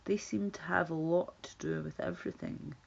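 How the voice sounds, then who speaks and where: A woman's voice: fairly low pitch, normal speed, creaky, husky, dull audio. A Scottish woman livestreaming, chatting casually and rambling as she reacts to viewers' comments. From Scotland.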